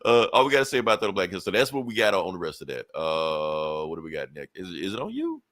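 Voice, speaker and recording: A man's voice: low-pitched, wildly swooping pitch, quick pace, a bit bright, dry recording, studio quality. A man co-hosting a comic book podcast, talking in a casual, joking and profane way. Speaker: podcast co-host. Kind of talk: casual chat.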